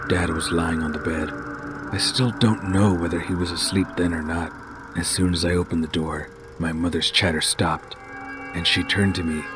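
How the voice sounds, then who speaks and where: A man narrating a scripted first-person horror story in a steady, measured way. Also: low-pitched. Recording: noisy home recording.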